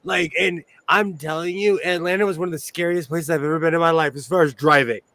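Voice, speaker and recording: A man from Los Angeles, hosting a casual chat and telling animated stories with quick asides. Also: fairly high pitch. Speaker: host.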